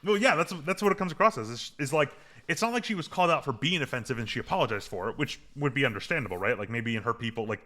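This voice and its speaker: Brief: male podcast co-host, bright forceful voice, rambling and filler-heavy, quick to get fired up. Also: mid-range voice. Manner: rambling, filler-heavy, gets heated and animated. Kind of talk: casual chat recapping a TV episode.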